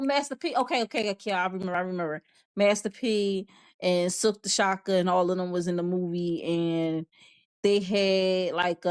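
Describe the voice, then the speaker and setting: A woman's voice: lowish voice, clear, resonant tone, no echo. A woman hosting a live online show in a casual, rambling way. She laughs often and reads out viewer comments. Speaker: show host. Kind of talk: casual livestream chat.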